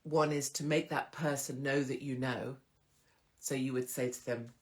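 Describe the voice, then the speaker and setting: A woman's voice: rumbling low, steady tone, unhurried. Frank, chatty woman host. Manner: frank and chatty, with swearing and mock voices of others. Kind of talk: casual advice monologue.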